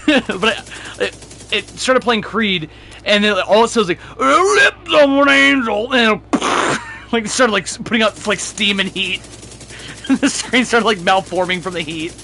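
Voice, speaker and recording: A man's voice: high voice, a little slow, bright, forceful tone, a little hiss or hum. A young man chatting casually while gaming, swearing freely and laughing through his stories. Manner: profane storytelling, laughs often.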